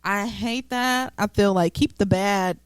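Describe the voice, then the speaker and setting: A woman in casual podcast talk, speaking at a middle pitch, blunt and emphatic. The recording is dry and close to the mic. She drops curse words without hesitation. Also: unhurried, smooth, no echo. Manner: blunt and emphatic, swears freely. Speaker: podcast co-host. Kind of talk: casual chat.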